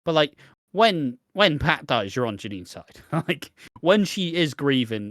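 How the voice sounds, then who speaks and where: A man's voice: on the high side, very animated, measured pace, a bit bright, no echo, studio quality. A man co-hosting a podcast, talking in a laid-back, casual way with frequent restarts and the odd swear. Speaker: podcast co-host. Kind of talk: casual chat.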